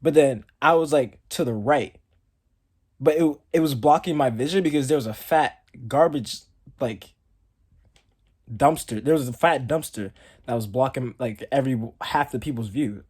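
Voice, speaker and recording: A man's voice: medium pitch, normal speed, a little mellow, husky. Rambling young man telling a story. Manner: rambling, heavy use of "like". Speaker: storytime vlogger. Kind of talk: casual storytelling.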